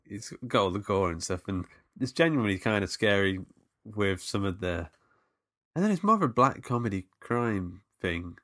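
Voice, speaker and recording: A man co-hosting a podcast, chatting casually and haltingly about shows and films. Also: on the low side, lively intonation, a bit bright, dry recording, studio quality. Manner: halting, rambling, many restarts. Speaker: podcast co-host.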